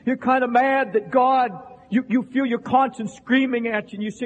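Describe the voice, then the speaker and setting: A man preaching an impassioned sermon to a congregation in a church, repeating phrases and shouting at the peaks. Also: very high voice, steady tone, normal speed, slight background noise. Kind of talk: fiery revival sermon. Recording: long reverberant hall sound.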